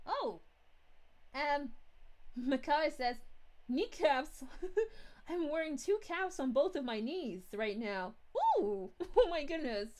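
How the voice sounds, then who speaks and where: A woman voicing a bubbly, giggly young princess while reading chat live in character, with drawn-out "ooh"s. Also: sits high, expressive, darkish tone. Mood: cheerful. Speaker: VTuber streamer.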